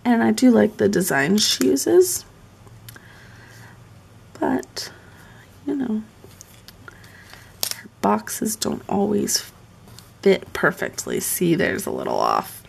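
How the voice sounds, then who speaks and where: A woman's voice: mid-range voice, wildly swooping pitch, takes it slowly, vocal fry, long pauses, a little mellow, breathy edge. A woman chatting casually on a live stream while decorating a planner at home, muttering asides to herself as she works.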